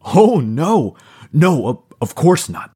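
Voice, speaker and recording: A man's voice: lowish voice, slow pace, darkish tone. A man reading the lines of a sarcastic, cocky male publisher in an audiobook. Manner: sarcastic, mocking.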